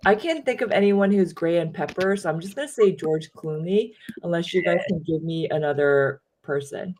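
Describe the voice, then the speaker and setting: A woman hosting a casual livestream chat, playful and quick to giggle. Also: lowish voice, darkish tone, slight background noise. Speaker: host.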